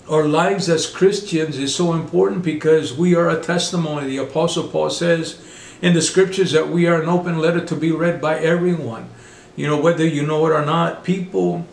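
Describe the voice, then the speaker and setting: A middle-aged man preaching a sermon, halting often with fillers and restarts. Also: fairly high pitch, vocal fry, echoey room, a little hiss or hum.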